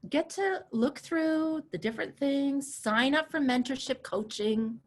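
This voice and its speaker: A woman in her forties teaching a live online coaching class over a video call, chatty and animated, laughing easily and repeating herself. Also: sits high, unhurried. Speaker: coach and course instructor.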